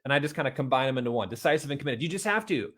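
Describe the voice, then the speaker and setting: A middle-aged man talks straight to his viewers in a motivational style. He is earnest and repeats his points, then pushes them home with emphatic bursts. His voice sits in an ordinary middle pitch. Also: expressive, very fast, fairly bright tone. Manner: earnest, repeats himself, builds to emphatic outbursts. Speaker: motivational video host. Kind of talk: motivational talk to camera.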